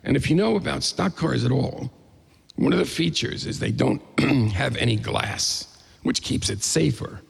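A man telling a funny story to a crowd in an animated, playful, self-mocking way. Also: mid-range voice, vocal fry, husky, big-room sound. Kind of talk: live comedic storytelling.

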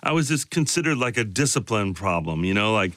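A man's voice: on the low side, big pitch swings, brisk, a bit bright, no room sound. A man from Chicago, an actor as a guest, talking casually and rambling with lots of fillers. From south side of Chicago. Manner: rambling, full of "you know" and "like" fillers. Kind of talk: casual interview conversation.

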